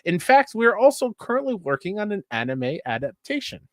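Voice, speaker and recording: A man's voice: high-pitched, big pitch swings, a little fast, a bit bright, no echo, clean studio sound. A young adult man co-hosting a gaming podcast, joking and reading out news in casual chat. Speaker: podcast co-host.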